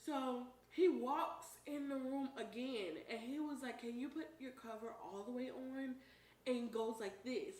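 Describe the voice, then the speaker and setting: Animated woman vlogger, roomy and distant. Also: on the high side, a little slow. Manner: animated, emphatic, profane storytelling with shouted quotes. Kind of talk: storytime while eating on camera. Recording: roomy echo, voice a bit far from the mic, faint noise.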